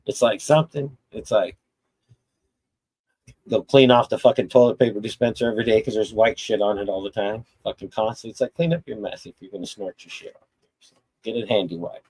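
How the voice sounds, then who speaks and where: A man's voice: on the low side, a little fast, a little mellow, husky, rough recording. A middle-aged man hosting a live chat stream, talking bluntly and profanely in a rambling, casual rant full of restarts.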